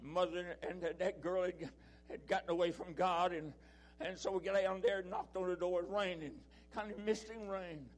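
Man, preacher, high-pitched, emphatic sermon, repeats phrases. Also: steady tone, moderate pace. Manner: emphatic, repeating phrases, swinging loud and soft.

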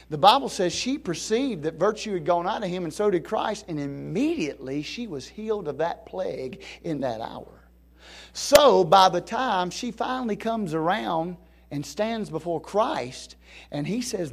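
Middle-aged male pastor, high-pitched, sermon delivery that rises to fervor and drops to a hush. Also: slightly rough. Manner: rising to near-shouting peaks of preaching fervor, then dropping low and soft.

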